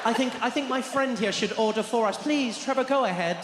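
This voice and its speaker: A man's voice: very high-pitched, fairly quick. Man playing a timid, pleading male friend. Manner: hesitant, pleading, stammering. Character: timid, anxious male friend afraid to offend. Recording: echoey stage with audience noise.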